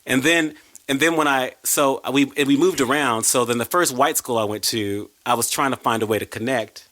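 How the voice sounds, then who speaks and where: A man's voice: mid-range voice, normal speed, sharp tone, no room sound. A man in his forties, a podcast guest, tells childhood stories in a casual, rambling way, often breaking off and restarting his sentences. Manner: rambling, self-interrupting storyteller. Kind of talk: casual storytelling chat.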